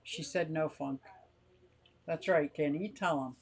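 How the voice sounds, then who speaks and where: A woman's voice: low voice, measured pace, a little mellow. Chatty older woman hosting a live stream. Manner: rambling, chatty, reads viewer comments aloud. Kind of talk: casual live-stream chat. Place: home garage.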